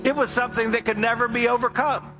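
A man preaching a sermon, telling a parable expressively and dropping to quiet emphasis for key points. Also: very high voice, fast, music in the background. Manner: expressive storytelling delivery with sudden drops to quiet emphasis. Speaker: pastor.

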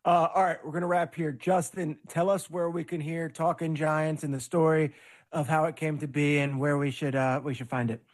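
A man hosting a sports talk show, briskly asking his guests questions. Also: on the high side, flat delivery. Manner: brisk, steers to wrap-up questions. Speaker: host. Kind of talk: podcast hosting.

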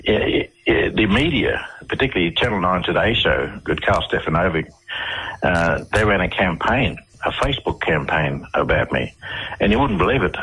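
Australian man, radio guest. Low, husky voice; halting, rambling delivery full of fillers. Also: a bit bright, rough recording. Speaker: interview guest. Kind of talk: casual radio interview storytelling.

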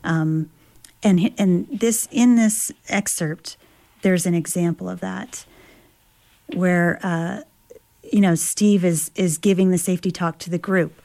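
A woman author and travel writer reads from her memoir and then talks about it reflectively, often pausing to search for words. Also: fairly low pitch, fairly even intonation, vocal fry, mellow. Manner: reflective, with many fillers and restarts.

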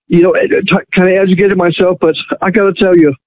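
A man's voice: high-pitched, little pitch movement, fairly quick, poor audio. A man calling in to a radio show, emotional and grateful, rambling and restarting as he talks. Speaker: caller. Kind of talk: phone-in call.

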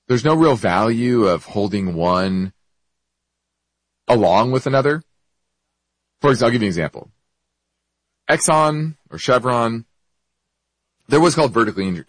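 A man with a mid-range voice hosts an investment show, explaining markets and answering a listener's question, hiccuping and correcting himself frequently. The audio is poor, though there's no echo.

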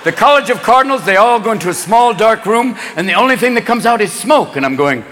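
A man doing a fast, manic stand-up comedy routine, slipping in and out of put-on voices. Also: high-pitched, animated. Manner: rapid, manic, jumps between put-on voices. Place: stage before a large live audience. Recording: live show in a big hall, loud crowd laughter.

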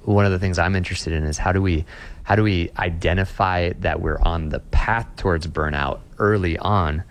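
A young man with a very low voice talks as a pastor in an interview. He sounds earnest and reflective, and he often restarts and repeats words as he works through his thoughts. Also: steady tone, normal speed, slight background noise. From Austin, Texas. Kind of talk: conversational interview.

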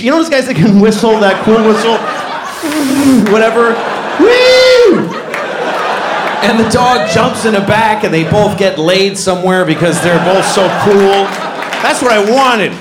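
A man doing a stand-up comedy routine, telling stories animatedly and shouting punchlines. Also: sits high, unhurried, over a noisy crowd, heavy background noise. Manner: animated storytelling, acts out voices, shouts punchlines.

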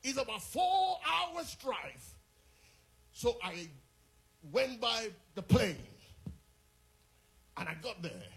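Middle-aged man, pastor preaching, very high pitch, lively melody, animated storytelling with shouted peaks. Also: creaky. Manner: animated storyteller, swinging between quiet asides and shouted peaks. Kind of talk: sermon storytelling.

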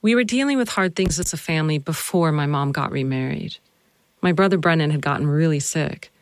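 A narrator and host telling a personal family story, then questioning their mother, earnest and slowing down to stress points. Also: mid-range voice, no echo. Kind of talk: reflective personal narration and interview.

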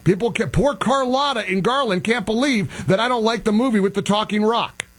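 A man hosting a radio talk show, ranting in a casual, exasperated and self-deprecating way, with a husky voice. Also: high voice, a little fast, fairly bright tone. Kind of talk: casual opinionated radio monologue.

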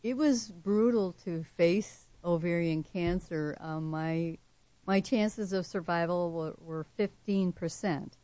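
A woman poet reading her own poem and then talking about it as an interview guest, soft-spoken with slow, measured emphasis. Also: fairly low pitch, no room sound. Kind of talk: poetry reading and interview answers.

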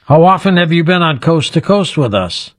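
A man's voice: a little high, sing-song, normal speed, no room sound, studio quality. A man hosting a radio talk show, teasingly quizzing a mystery guest. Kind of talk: playful radio interview.

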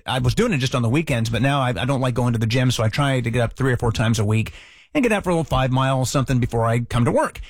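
A middle-aged man hosting a radio show, talking in a relaxed, chatty way with light self-mocking humor. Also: mid-range voice, rapid-fire, breathy edge, no echo, studio quality. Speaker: radio host. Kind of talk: casual radio chat. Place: radio studio.

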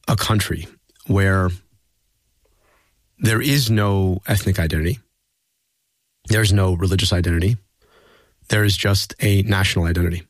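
In a clean recording with no room sound, a man with a fairly low voice appears as a political guest in an interview. He shares personal stories in an earnest, reflective way, in the manner of conversational interview storytelling.

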